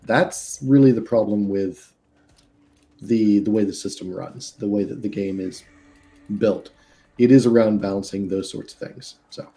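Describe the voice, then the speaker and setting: A man with a lowish, mellow voice runs a tabletop game from his home mic on a video call. He explains how the rules work in a loose, rambling way. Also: a little slow. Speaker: game master.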